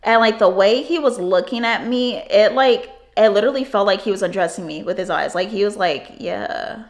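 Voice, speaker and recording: A woman's voice: medium pitch, brisk. Rambling, profane young woman storyteller. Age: 20s. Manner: rambling, profane, many "like" fillers. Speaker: vlogger. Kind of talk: casual storytime vlog.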